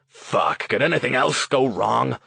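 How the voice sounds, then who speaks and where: A male narrator voicing a hot-tempered, crude middle-aged TV producer, brash and gruff. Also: medium pitch, animated, measured pace, sharp tone, no echo, heavily acted.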